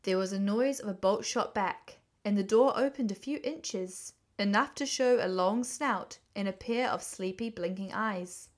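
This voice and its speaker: A woman reading a classic children's book aloud, gentle and expressive. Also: medium pitch, measured pace, few pauses. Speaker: storyteller.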